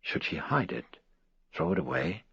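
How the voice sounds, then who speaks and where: Very deep husky guy reading a horror novel, slow and somber, dry dull recording. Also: big pitch swings, fairly bright tone, dry recording. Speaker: audiobook narrator. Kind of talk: scripted horror narration.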